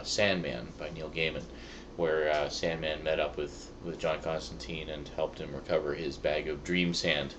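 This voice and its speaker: Deep-voiced man hosting a review vlog. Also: fairly bright tone, slight background noise. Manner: wry, chatty, rambling asides. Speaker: video reviewer, show host. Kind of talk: casual review chat.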